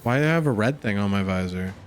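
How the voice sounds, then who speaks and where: A man's voice: fairly low pitch, lively intonation, fast talker. Profane joking young streamer guy. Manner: profane, joking, laughs often, calls everyone dude. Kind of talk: casual gaming commentary. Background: game music.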